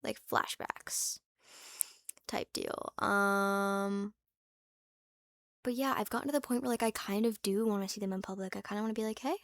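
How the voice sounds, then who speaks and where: A woman's voice: medium pitch, steady tone, moderate pace, creaky, long pauses, fairly bright tone, no echo. Rambling young woman vlogging, dry sound. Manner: rambling, candid, frequent fillers and restarts, swears casually. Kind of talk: casual chat to camera.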